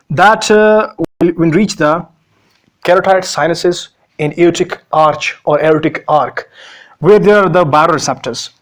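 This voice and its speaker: Man, somewhat high-pitched, medical lecture, explanatory, rhetorical questions, fillers and repeats. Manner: explanatory, asks himself questions and answers them; frequent fillers and repetitions. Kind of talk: recorded physiology lecture.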